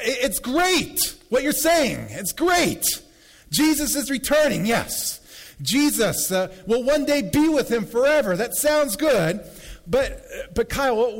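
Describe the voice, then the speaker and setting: A preacher voicing a doubtful churchgoer who impatiently questions him during a sermon. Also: male voice, heavily acted. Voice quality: pitched high and pushed loud. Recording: long reverb in a large hall.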